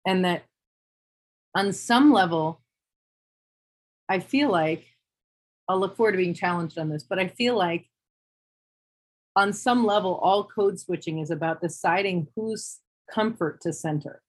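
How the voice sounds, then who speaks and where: Give me a husky-voiced woman in casual discussion, wry and reflective, trailing off and restarting. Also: lowish voice, measured pace, long pauses. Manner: thoughtful, wry, many restarts.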